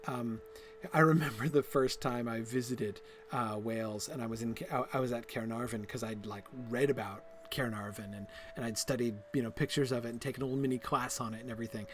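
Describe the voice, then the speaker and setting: A man's voice: mid-range voice, brisk, a little hiss or hum. A man hosting a stream, giving a casual, digressive lecture while playing a game, full of fillers and restarts. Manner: enthusiastic, laughs at himself. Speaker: host.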